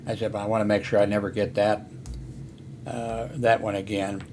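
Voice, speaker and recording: A man's voice: fairly low pitch, little pitch movement, normal speed, noisy background. Older man telling a rambling story. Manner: meandering, many fillers and restarts. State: hard of hearing. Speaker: vlogger.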